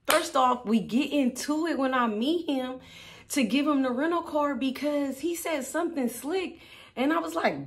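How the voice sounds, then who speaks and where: A young woman, telling a storytime to her viewers in a casual, slangy, animated way, laughing and acting out what people said. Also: fairly high pitch. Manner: animated, slangy, acts out quotes, laughs often. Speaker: storytime vlogger.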